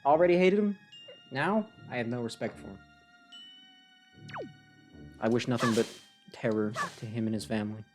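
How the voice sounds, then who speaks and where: A man streaming a game live, commenting excitedly and in mock outrage as he talks to his chat. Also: medium pitch, moderate pace, long pauses. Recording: game music behind voice. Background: game music.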